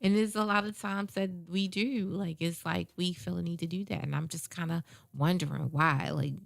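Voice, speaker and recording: Woman, radio talk host, low voice, gravelly, dry close sound, chatty, emphatic. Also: steady tone, moderate pace, no echo. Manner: chatty, repetitive, emphatic, acts out quotes.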